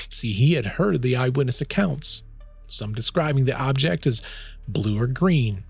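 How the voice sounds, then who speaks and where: A male documentary narrator with a gravelly, husky voice that carries a lot of vocal fry. He talks in a conversational, informal way and asks rhetorical questions. He is recorded close and dry, with music playing underneath. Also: mid-range voice, dry recording.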